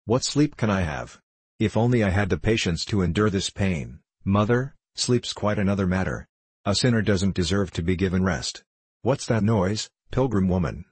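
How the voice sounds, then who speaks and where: A man voicing an ailing, pious old pilgrim who speaks slowly and wearily. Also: low-pitched, expressive, a little mellow, husky, no room sound. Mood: weary.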